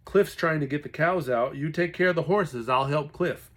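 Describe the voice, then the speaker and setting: Firm dad in a crisis, a male reader's take; crisp orders, breathy tone. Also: a little high, very animated, a little slow, voice pushed up, full character voice. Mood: commanding. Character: farmer father, firm and commanding.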